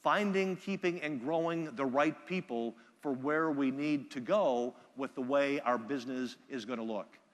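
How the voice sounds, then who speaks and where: A man giving a live keynote speech from a conference stage, telling stories with energy and loud bursts when he quotes people. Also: medium pitch, unhurried, hardly any pauses, in a large hall. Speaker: keynote speaker. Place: large conference hall.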